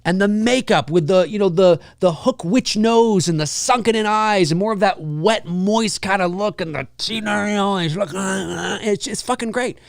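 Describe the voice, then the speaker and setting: A man hosting a live film talk, enthusiastic and rambling with many fillers, dropping into quick mimicked voices. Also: high-pitched, creaky, dry recording, clean studio sound. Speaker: host.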